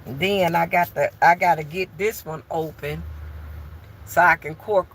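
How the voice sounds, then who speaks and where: A woman's voice: fairly low pitch, steady tone, measured pace. A woman vlogger chatting bluntly and candidly to her viewers from home while doing chores. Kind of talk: casual chat to viewers.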